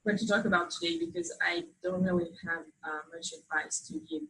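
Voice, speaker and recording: A woman's voice: on the low side, fairly bright tone, low-quality recording. A French woman, a native French speaker with a strong French accent, giving a hesitant but wry talk to an audience as an author. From France. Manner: hesitant, many pauses, wry humor. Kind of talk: informal speech to an audience. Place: event hall with live audience.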